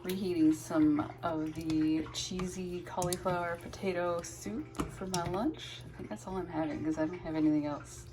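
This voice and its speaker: A woman's voice: on the low side, steady tone, normal speed, few pauses, background noise. A woman casually narrating a food vlog from her home kitchen, in a chatty, rambling, matter-of-fact way. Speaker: food vlogger. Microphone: phone held or propped nearby.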